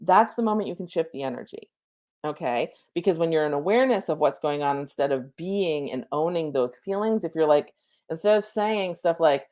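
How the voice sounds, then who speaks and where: A woman spiritual coach talking casually and reassuringly about slowing down and faith, full of chatty asides and "okay?" check-ins, at times leading a slow counted breathing meditation. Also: sits low, animated, warm tone. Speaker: spiritual coach giving an oracle card reading. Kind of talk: casual spiritual guidance talk.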